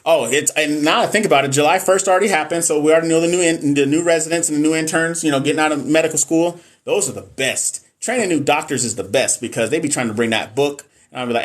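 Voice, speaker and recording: A man's voice: on the high side, quick pace, hardly any pauses. A man from Texas, chatting casually and jokingly on a live stream as a nurse educator, reading and answering viewer comments.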